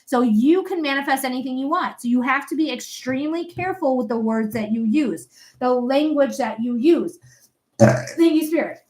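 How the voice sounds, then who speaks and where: A woman's voice: high voice, moderate pace, a little mellow. A young woman giving a live psychic reading in a chatty, blunt way, swearing casually. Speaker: psychic reader.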